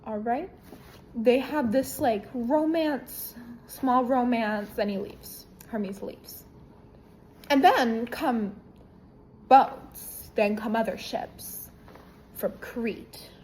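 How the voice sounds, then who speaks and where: Female book reviewer, slow-talking, irreverent and profane, casual chat. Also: on the high side, slight background noise, rough recording. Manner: irreverent, profane, animated retelling.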